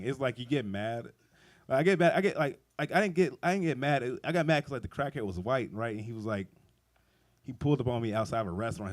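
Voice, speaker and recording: A young man doing a stand-up comedy set, telling rambling, profane stories and laughing often. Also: mid-range voice. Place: outdoor backyard show.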